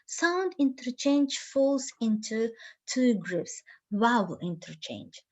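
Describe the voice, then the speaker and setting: A woman teaching a lesson, reading from her notes slowly and carefully with frequent pauses and fillers. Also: a little high, sing-song, a little mellow.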